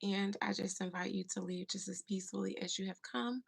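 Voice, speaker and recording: A woman hosting a casual spiritual livestream, greeting viewers by name and sometimes dropping into a soft whisper. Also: medium pitch, fairly even intonation, vocal fry, husky. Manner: slow, drawling, breaks into soft whispers. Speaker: livestream host and spiritual medium.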